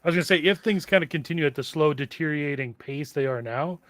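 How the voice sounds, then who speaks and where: A man joining a talk show as a remote guest on a video call, speaking in slow, measured, hesitant phrases. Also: fairly high pitch, fairly bright tone, no room sound.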